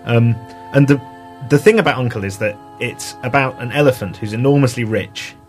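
A man presenting a casual radio chat show, retelling a children's story with many pauses and restarts. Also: medium pitch, soft background music. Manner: hesitant, many ums and restarts.

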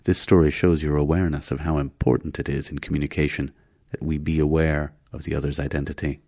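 A man's voice: extremely low pitch, level tone, quick pace, darkish tone, dry recording, clean studio sound, pitched below the performer's own voice. A man voicing a courteous, menacing alien. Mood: menacing polite. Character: polite, menacing male alien leader.

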